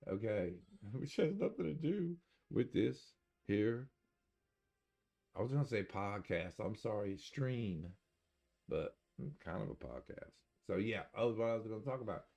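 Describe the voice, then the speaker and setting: A man's voice: fairly low pitch, expressive, unhurried, gravelly, warm tone. An older man streaming a video game, chatting casually in a rambling, folksy way and chuckling to himself. He mentions having an accent. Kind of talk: casual live-stream chat.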